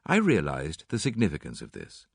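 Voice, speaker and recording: A man reading a mystery novel aloud as an audiobook narrator, with an expressive, dramatic delivery. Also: very deep voice, moderate pace, vocal fry, no room sound, studio quality. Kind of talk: scripted narration.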